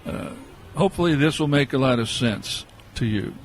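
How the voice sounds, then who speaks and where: A man from the United States, a professor being interviewed on a podcast, who answers hesitantly with many "uh" pauses. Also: medium pitch, expressive, a little hiss or hum. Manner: hesitant, many uh fillers and restarts. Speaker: guest, professor.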